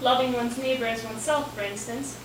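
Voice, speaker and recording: A woman's voice: on the high side, fairly even intonation, brisk, natural voice. A woman playing an eccentric author hearing voices. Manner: theatrical, wordy, teasing. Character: eccentric male Russian author who hears voices. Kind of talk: amateur stage acting. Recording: echoey hall from far off, loud noise.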